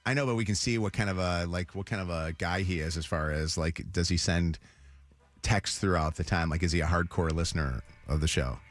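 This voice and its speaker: A man's voice: low-pitched, fairly quick. A man hosting a morning radio show, joking around and taking callers in casual banter. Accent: Midwestern American. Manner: joking, chatty, takes callers.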